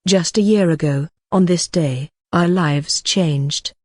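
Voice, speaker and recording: A cynical middle-aged noblewoman full of cold, seething scorn, as the narrator reads her. The voice stays dry and close, at a middling pitch. Her words carry a mocking edge. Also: takes it slowly, dry recording.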